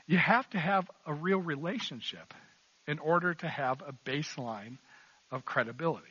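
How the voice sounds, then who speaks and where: A man's voice: fairly high pitch, sharp tone, breathy edge, dry recording, dull audio. A man preaching a sermon in an earnest, emphatic way, repeating key phrases. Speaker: pastor.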